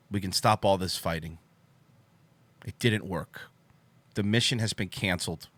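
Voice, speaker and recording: A man hosting a livestream, giving a deadpan, mock-solemn monologue from a home setup in front of a green screen. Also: low voice, measured pace, pauses often, dry recording. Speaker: livestream host.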